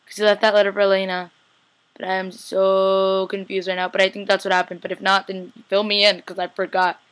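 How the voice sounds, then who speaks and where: A woman's voice: medium pitch, monotone, a little fast. A young woman casually recapping a TV episode, chatty and slangy, acting out the characters' lines. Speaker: TV recap vlogger.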